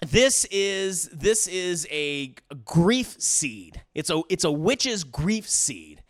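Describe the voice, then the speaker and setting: A self-assured teenage magical girl from a cartoon, calm and steady as she explains things to newcomers, as a man puts her on in a lively voice. She speaks a little higher than an everyday talking voice and moves around in pitch. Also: very slow, exaggerated voice. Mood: explaining.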